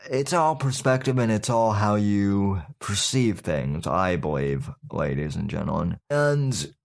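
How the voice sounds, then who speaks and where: A man's voice: fairly low pitch, expressive, gravelly. A man hosting his podcast, giving casual opinion commentary in a folksy, sarcastic way and calling his listeners folks, with many fillers and restarts. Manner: halting, with frequent fillers and restarts. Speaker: podcast host.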